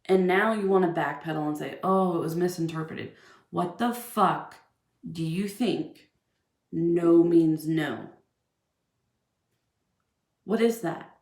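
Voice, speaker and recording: A woman's voice: on the low side, slow pace, long pauses, darkish tone, echoey room. A young woman ranting heatedly to the camera, swearing constantly and firing off rhetorical questions. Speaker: channel host ranting. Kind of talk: angry profane rant to camera.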